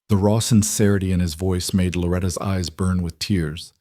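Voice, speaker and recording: Low-voiced man narrating a story. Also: fairly even intonation, normal speed, hardly any pauses, dark tone, no room sound, clean studio sound.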